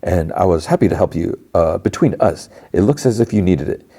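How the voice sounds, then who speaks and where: A man voicing an older male tech mogul who speaks in a measured, courteous way. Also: deep voice, animated, mellow, slightly rough, exaggerated voice. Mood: calm helpful.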